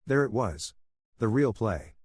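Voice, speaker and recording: Soothing husky male storyteller. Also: on the low side, a little slow, no echo, studio quality. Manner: soothing and even. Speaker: story narrator. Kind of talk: calm first-person story narration for sleep.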